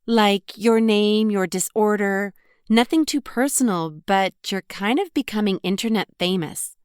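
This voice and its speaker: A woman's voice: medium pitch, unhurried, clear, resonant tone, no echo, studio quality, pitched above the performer's own voice, natural voice. A woman reading an audiobook, voicing a chatty, blunt young college woman who talks in casual slang and teases her friend. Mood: lively. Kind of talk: audiobook character voice.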